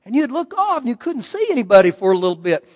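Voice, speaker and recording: High-voiced pastor preaching in a reverberant hall. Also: male voice, fast talker. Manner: folksy storytelling with animated quoted voices. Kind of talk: sermon with personal stories.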